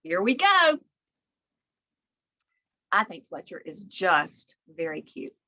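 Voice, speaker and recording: A woman librarian leading a children's storytime, reading aloud with big animated swings between soft whispers and high calls. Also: takes it slowly, no room sound.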